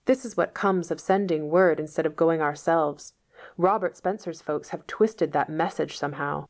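A woman reading the part of a stern, sharp-tongued middle-aged spinster who speaks curtly and scolds. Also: deep voice, moderate pace. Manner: curt, wrathful, scolding.

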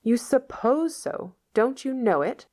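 A woman reading the part of a stern, sharp-tongued middle-aged spinster who speaks curtly and scolds. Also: lowish voice, moderate pace, close to an everyday voice. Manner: curt, wrathful, scolding.

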